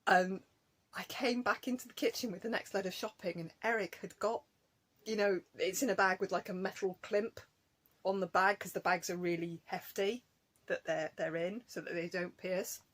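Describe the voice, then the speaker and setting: A woman talks to her camera at home in an easy, rambling way, drifting between stories and laughing as she goes. Her pitch sits in the middle. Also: fairly even intonation, normal speed, a bit bright. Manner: rambling, chatty, laughs often. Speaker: craft vlogger. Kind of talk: casual chat to camera.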